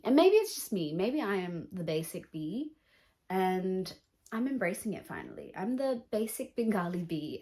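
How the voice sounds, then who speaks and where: A woman beauty vlogger doing a chatty get-ready-with-me makeup talk, blunt and opinionated. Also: mid-range voice.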